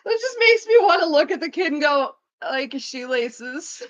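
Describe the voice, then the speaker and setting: A woman's voice: extremely high pitch, animated, quick pace, muffled recording. A woman from Canada, chatting casually with her stream viewers and swearing freely, her talk full of "like". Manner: profane, rambling, fillers of "like".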